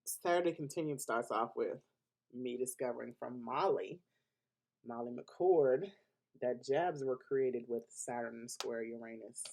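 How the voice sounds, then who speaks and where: In this weekly astrology forecast, a man speaks a little slowly with a mid-range, creaky, darkish voice. The monologue is casual and unscripted: emphatic, loose, colloquial, full of restarts, with frequent laughs between points.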